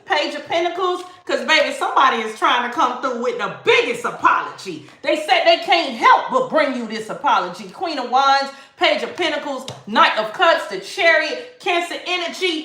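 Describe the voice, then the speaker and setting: A high-pitched woman gives a livestream tarot reading in an animated, sassy way, often laughing. Her voice is bright and sharp. The recording has an echoey room sound. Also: normal speed, hardly any pauses. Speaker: tarot reader.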